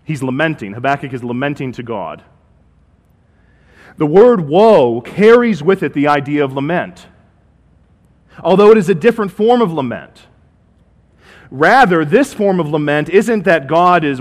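Male preacher, earnest, reads then explains, voice a touch high, reverberant hall sound. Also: very animated, measured pace. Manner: earnest, restarts when explaining. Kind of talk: scripture reading and sermon.

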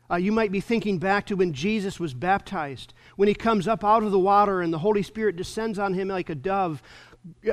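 A pastor delivers a sermon in a fairly high male voice. He speaks in a measured preaching manner, stacking repeated phrases and asking rhetorical questions.

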